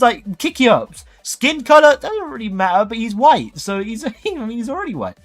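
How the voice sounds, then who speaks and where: A young man, telling a story on a livestream in a jokey, animated way. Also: very high-pitched, moderate pace. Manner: animated, jokey, acts out voices. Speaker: livestream host.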